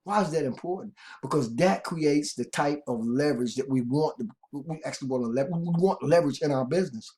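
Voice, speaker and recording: A man hosting an online marketing video in a loose, conversational manner. His voice sits somewhat high for a man, and he wanders through his points with restarts, filler words and repeated asides to "guys". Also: brisk, few pauses, warm tone. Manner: rambling, repeats words, often addresses viewers as guys. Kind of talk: casual tutorial talk to camera.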